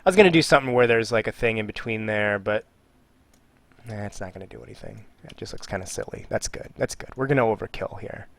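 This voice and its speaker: On a casual live stream, a man with a fairly low, creaky voice talks fast, reading viewer questions aloud and answering with jokes. He trails off and mutters while he works.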